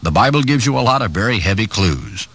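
A man preaching on the radio, reading scripture aloud and expounding it with emphatic delivery, his pitch swinging up and down and his pace slowing on key phrases. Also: sing-song, fairly bright tone, breathy edge. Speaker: radio Bible teacher.

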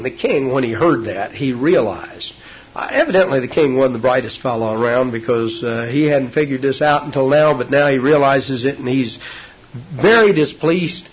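Husky folksy preacher, dull lo-fi recording. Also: male voice, medium pitch. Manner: folksy storytelling, retelling scripture in homely words. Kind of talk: sermon.

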